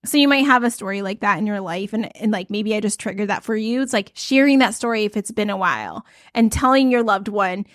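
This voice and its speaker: A woman's voice: mid-range voice, lively intonation, a little fast, hardly any pauses, no echo. Chatty young woman, dry close sound. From United States. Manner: chatty, rambling, many fillers. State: pregnant. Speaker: podcast host. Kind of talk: casual podcast chat giving tips.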